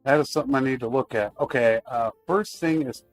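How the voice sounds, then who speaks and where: A man's voice: mid-range voice, brisk, no echo, faint music behind. A man streaming a video game live, chatting casually to his viewers while he plays. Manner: chatty, talks to chat while playing.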